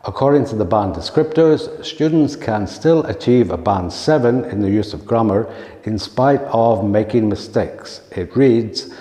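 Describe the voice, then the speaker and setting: A teacher trainer delivers a scripted lesson for teachers calmly and in a measured way. His mid-pitched voice is mellow and dark, and it rings out in an echoey room with a long reverb tail.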